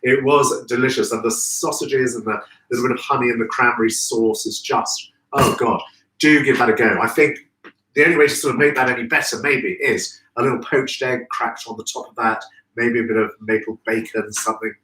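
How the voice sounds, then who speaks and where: A man's voice: mid-range voice, steady tone, brisk, pushed and bright. A man hosting a live stream, chatty and effusive, greeting viewers by name. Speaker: host of a live florist show. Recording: echoey room, distant from mic.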